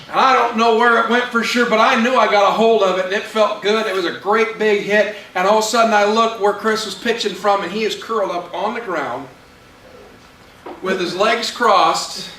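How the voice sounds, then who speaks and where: A pastor telling a personal story in a sermon, acting out the voices of the people in it. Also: male voice, high-pitched, normal speed. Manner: animated storyteller acting out quotes. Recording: echoey room, mic at a distance, faint hiss.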